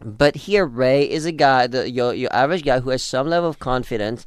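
Man, casual co-host chat, smooth voice, dry close sound, animated. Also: mid-range voice, fairly quick, no echo. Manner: animated, acts out quoted lines in different voices. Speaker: podcast co-host discussing a TV episode.

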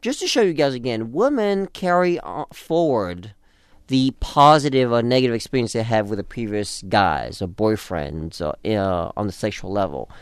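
Man, casual co-host chat, smooth voice, dry close sound, animated. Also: medium pitch, normal speed, no echo. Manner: animated, acts out quoted lines in different voices. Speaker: podcast co-host discussing a TV episode.

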